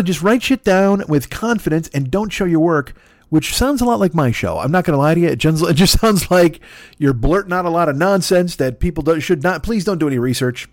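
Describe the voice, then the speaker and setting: A man's voice: medium pitch, a little mellow, no room sound. A man hosting a comedy podcast, rambling and swearing in a self-deprecating monologue. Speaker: podcast host.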